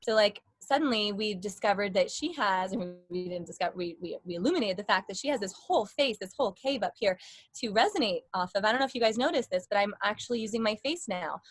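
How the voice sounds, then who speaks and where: A woman's voice: medium pitch, expressive, quick pace, no echo. A woman, a singing teacher, chatting casually and shifting her voice placement to demonstrate. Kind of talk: casual voice lesson chat.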